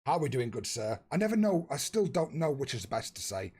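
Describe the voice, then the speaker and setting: A young man with a husky voice, chatting casually and swearing freely with his viewers while he plays a football management game. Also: medium pitch, sing-song, fairly quick, darkish tone. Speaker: streamer. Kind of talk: casual live-stream chat.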